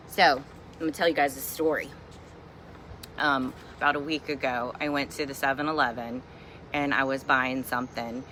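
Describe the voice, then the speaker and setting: A middle-aged mother from Virginia vents in a chatty, humorous home vlog. Her voice sounds bright and a little sharp. She keeps an exasperated, joking tone, and a faint hum sits in the background. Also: low-pitched. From Virginia, USA. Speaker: vlogger and mother. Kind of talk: casual ranting vlog.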